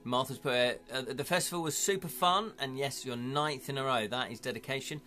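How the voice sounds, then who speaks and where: A man hosts a live stream with a bright, forceful voice, chatting loosely and laughing often as he reads out viewer comments. Faint music plays behind him. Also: medium pitch, brisk. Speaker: livestream host.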